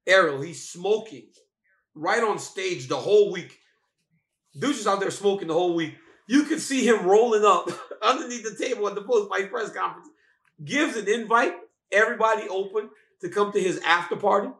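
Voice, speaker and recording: Speaking at a moderate pace, this man has a high, fairly bright voice. He's joining a fight talk show as co-host over video from a hotel room, playful and teasing, often repeating lines and breaking into laughter, with echo around him.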